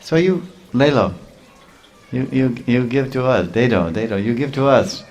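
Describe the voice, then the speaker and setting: A man's voice: medium pitch, moderate pace, a little mellow, lightly acted. A man voicing a playful, confident young cowherd boy who speaks casually and teasingly, in a storytelling sermon.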